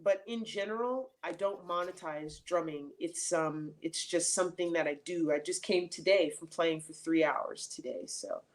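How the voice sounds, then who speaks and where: A middle-aged woman speaks as an interview guest over a remote mic. Her voice sits a little low for a woman. She tells her stories in a loose, animated way, laughing and circling back with fillers and restarts. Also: normal speed, hardly any pauses. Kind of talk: casual storytelling in an interview.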